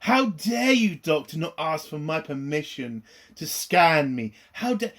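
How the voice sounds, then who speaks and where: Man mocking a indignant young woman, high, scolding, sarcastic. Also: animated, a little slow, a bit bright, exaggerated voice.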